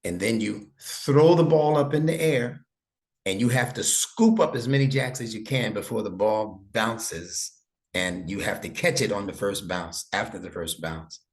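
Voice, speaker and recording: A middle-aged man, an imam who teaches Arabic, speaks in a lowish voice at a measured pace. He tutors a young student individually, patiently walking through each step and making sure he is understood.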